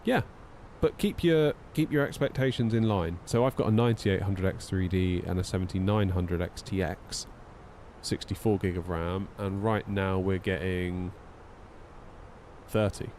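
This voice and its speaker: A man's voice: low-pitched, a little slow, darkish tone, a little hiss or hum. A man chatting casually on a flight sim live stream, wry and a little tired, reading out chat messages as he goes. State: yawning, tired.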